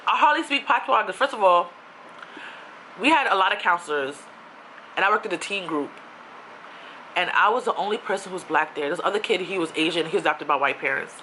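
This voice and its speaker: A woman's voice: lowish voice, animated, fairly quick, pauses often, sharp tone, slight background noise. A young woman from Queens in New City, telling a rambling storytime with lots of asides. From New York City (Queens). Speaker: vlogger.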